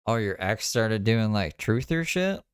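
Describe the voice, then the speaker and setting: A man talks through videos on a live stream in loose, mocking commentary, swearing as he goes. His delivery swings widely up and down in pitch. His voice is smooth and clear, recorded dry and close. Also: very animated, a little slow, no room sound.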